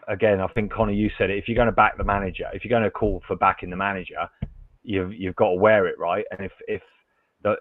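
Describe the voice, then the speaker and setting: A chatty, playful man with a fairly low voice, joining a football panel over a tinny, phone-like line that sounds dry and close. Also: no room sound. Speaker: panel guest. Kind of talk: casual football discussion.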